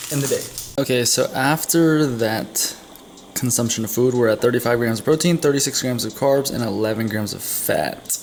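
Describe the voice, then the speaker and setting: A young male vlogger, recorded on a camera mic with a little hiss or hum, chats about his day's food while making coffee at home. His mid-range voice has a darkish tone, and he rambles and often corrects himself.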